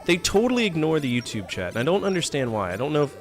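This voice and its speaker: Sarcastic, animated male game streamer. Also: on the high side, fast talker. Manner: joking, sarcastic, complaining. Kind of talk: live gameplay commentary. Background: faint game music.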